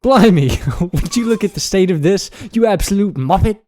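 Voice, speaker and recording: A man's voice: sits high, lively intonation, moderate pace, dark tone, voice pushed up. A man voicing an exasperated male British news anchor in a put-on British accent, scolding someone in an over-the-top comic way on a podcast. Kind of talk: comedic accent challenge on a podcast.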